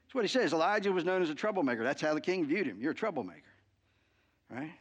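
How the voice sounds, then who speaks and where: A man preaching a sermon, telling a story in an animated way and acting out the quotes, often adding "right?" and restarting words. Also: on the high side, racing, breathy edge, lo-fi sound. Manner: frequent "right?" asides and repeated word restarts. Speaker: pastor.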